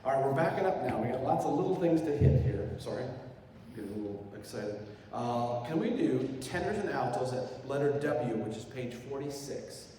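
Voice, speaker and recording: A man's voice: medium pitch, lively intonation, moderate pace, a little hiss or hum. A man leading a choir rehearsal in a hall, encouraging and joking with the singers as he gives instructions. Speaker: choir director. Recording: echoey hall from far off, loud piano.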